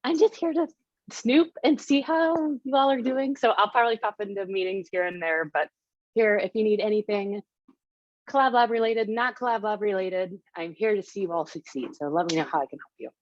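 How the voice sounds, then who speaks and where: A woman's voice: mid-range voice, brisk, no echo. A woman greeting a group on a video call in a playful, joking manner. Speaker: program staff. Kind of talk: casual online meeting. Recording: dull, dry call audio.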